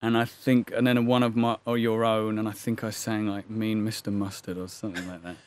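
A man's voice: on the low side, little pitch movement, fairly quick, slight background noise. A man in his thirties, an actor as interview guest, telling a long story in a loose, rambling way full of hedging phrases. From England. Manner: rambling, full of "sort of" and quoted dialogue.

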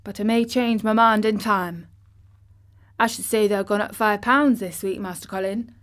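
A woman voicing a gruff old male gardener. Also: mid-range voice, fairly even intonation, normal speed, a bit bright, natural voice. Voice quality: hoarse, gruff dialect.

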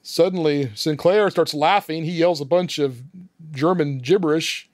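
A man's voice: on the high side, measured pace, dry recording, studio quality. A man on a casual film podcast, walking through the plot step by step and laughing often. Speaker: podcast host recapping a film.

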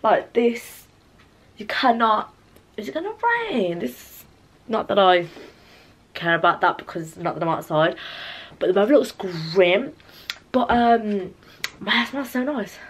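A woman's voice: medium pitch, expressive, measured pace, long pauses, husky. A young woman, chatting casually to camera at home, rambling and playful with asides to her viewers. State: out of breath. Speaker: vlogger. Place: home, indoors.

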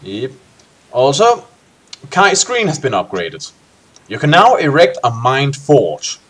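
A man's voice: mid-range voice, huge pitch swings, takes it slowly, a bit bright, breathy edge. A man hosting a co-op game session, reading a gamebook aloud expressively and tossing in joking asides. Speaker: let's play host.

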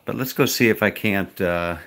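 Deep-voiced rambling man vlogging. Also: fairly bright tone. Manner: rambling, halting, many filler pauses. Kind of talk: casual walk-through vlog. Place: indoors in a house.

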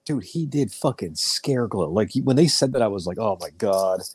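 A man's voice: mid-range voice, a little fast, slightly rough. A man co-hosting a casual movie podcast, swearing freely and restarting his sentences. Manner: profane, excitable, trailing restarts. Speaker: podcast co-host.

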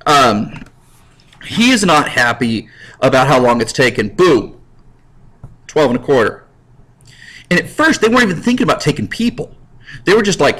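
A man's voice: a little high, big pitch swings, normal speed, long pauses, a bit bright, low-quality recording. A man teaching a history lecture in a casual, jokey way, acting out little scenes. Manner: jokey, acts out scenes in voices. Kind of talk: recorded classroom lecture.

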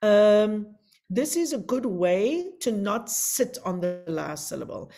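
Woman vocal coach lecturing quick, explains rules, sings little examples. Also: mid-range voice, big pitch swings, gravelly, warm tone. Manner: brisk, explanatory, sings short example phrases. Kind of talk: online lecture on singing.

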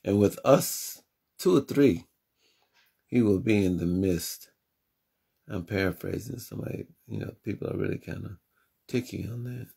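Gravelly, husky man preaching affirmations. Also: lowish voice, animated, normal speed, pauses often, warm tone. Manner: fervent, repetitive affirmations, talks directly to listeners. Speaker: radio show host. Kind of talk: inspirational radio sermon.

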